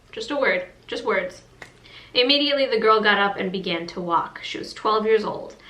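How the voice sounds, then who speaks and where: Bright-voiced young woman leading Bible study. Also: mid-range voice, reverberant, low-quality recording. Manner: earnest, conversational, reads verses aloud. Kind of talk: casual Bible study vlog.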